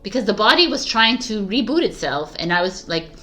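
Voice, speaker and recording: A woman tarot reader talking casually to her viewers in a rambling, reflective way, with many fillers and soft laughs. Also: medium pitch, very animated, a little fast. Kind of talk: casual spiritual talk to viewers.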